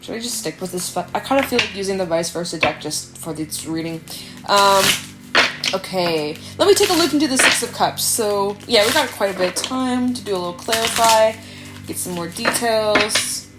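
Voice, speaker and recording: A woman's voice: medium pitch, moderate pace. Chatty woman giving a tarot reading. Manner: chatty, animated, swears freely, acts out quoted voices. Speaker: tarot reader. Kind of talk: casual tarot reading monologue. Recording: faint background music.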